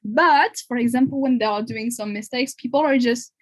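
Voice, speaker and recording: This French podcast guest in her 20s has a fairly high voice and a moderate pace. She keeps the conversation casual, with a French accent, plenty of laughter, and the occasional pause to find a word.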